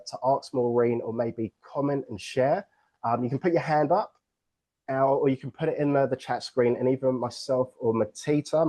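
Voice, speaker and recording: A man's voice: medium pitch, warm tone. A man from England with an English accent, hosting an online book launch on a video call in an upbeat, joking, playful way.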